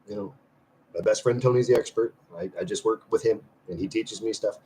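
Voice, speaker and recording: A low-voiced man hosting a casual livestream, talking loosely to his viewers and swearing as he goes. His loudness swings between sudden bursts and mumbled asides. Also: brisk, slight background noise. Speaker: livestream host; semi-retired musician. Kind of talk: casual live chat.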